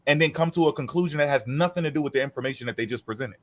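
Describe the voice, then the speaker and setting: Brief: male podcast co-host, casual and profane, lively storyteller who plays out quotes. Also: a little high, rapid-fire. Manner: animated, profane, acts out quoted voices. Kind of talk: casual chat.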